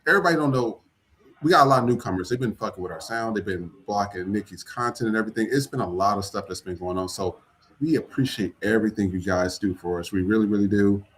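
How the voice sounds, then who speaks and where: A man's voice: lowish voice, quick pace. A man hosting a podcast, talking casually and loosely with the audience and swearing now and then. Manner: loose, chatty, casual cursing. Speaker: podcast host.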